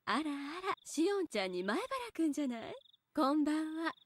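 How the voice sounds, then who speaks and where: A voice actress playing a composed adult woman who speaks softly, politely and with amusement. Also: high-pitched, very animated, very fast. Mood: amused.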